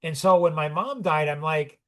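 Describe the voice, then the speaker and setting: A man's voice: on the high side, moderate pace. A man in his sixties telling personal stories in conversation, rambling and reflective, often restarting and chuckling. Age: 60s.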